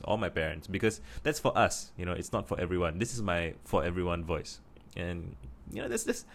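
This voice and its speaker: A man from Singapore with a Singaporean English accent, talking casually to camera and thinking aloud with many restarts. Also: sits low. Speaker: vlogger.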